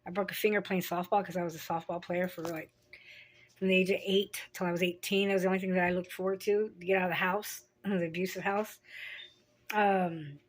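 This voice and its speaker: A woman's voice: lowish voice, steady tone, brisk. A middle-aged woman vlogger telling personal stories in a frank, rambling way. She swears freely and laughs at herself. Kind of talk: candid personal storytelling.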